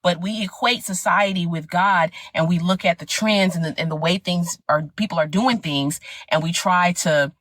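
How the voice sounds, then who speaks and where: A middle-aged woman sharing her personal story with animated, emphatic conviction. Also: lowish voice, moderate pace, few pauses, no room sound. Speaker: guest. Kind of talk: personal testimony in conversation.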